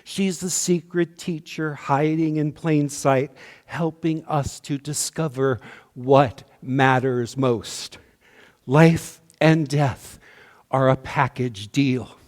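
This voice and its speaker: A man delivering a sermon as minister, slow and measured, his voice often dropping to a hush at the ends of lines. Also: medium pitch, in a large hall. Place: church sanctuary.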